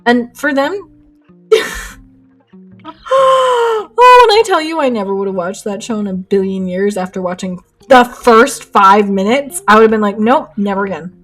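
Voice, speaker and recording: A young woman chatting while she paints, with a slightly high, breathy voice. She rambles, gets worked up and laughs a lot. Soft lo-fi music plays faintly behind her. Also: a little slow. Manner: excitable, rambling, laughs often. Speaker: art streamer. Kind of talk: casual chat while painting live.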